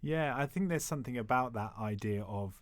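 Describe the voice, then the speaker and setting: A man's voice: mid-range voice, a little fast, dry recording. A man with a southern English accent hosting a podcast, conversational and reflective, with an academic way of talking. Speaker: podcast host. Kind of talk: casual chat.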